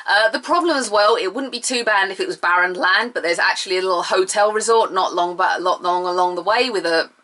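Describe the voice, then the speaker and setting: Woman, young adult, bright tone, chatty, sarcastic, animated review. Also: medium pitch, brisk, hardly any pauses. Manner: chatty and animated, with sarcastic asides and mock outrage. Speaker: TV episode reviewer. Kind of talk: casual video review.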